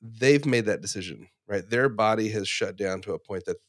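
A man in his forties, an ICU clinician, talking through a medical dilemma in relaxed conversation, telling stories with fillers and restarts. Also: on the low side, normal speed, dry recording, studio quality. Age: 40s. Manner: reflective, storytelling with frequent fillers and restarts. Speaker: ICU clinician, podcast co-host. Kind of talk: casual professional discussion.

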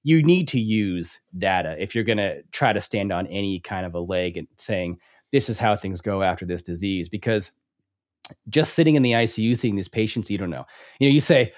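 A somewhat low-voiced man, speaking as a hospital clinician in a relaxed conversation. He makes his points emphatically, leans on evidence over anecdote and breaks into short laughs. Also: normal speed. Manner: emphatic, argues from data, laughs between points. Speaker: ICU clinician, podcast co-host. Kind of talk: casual professional discussion.

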